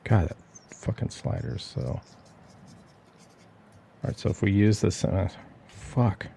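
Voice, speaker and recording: Deep gravelly man narrating his drawing. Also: measured pace, warm tone, soft background music. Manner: talks to himself while drawing, swears. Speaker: artist streamer. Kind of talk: casual livestream drawing demo.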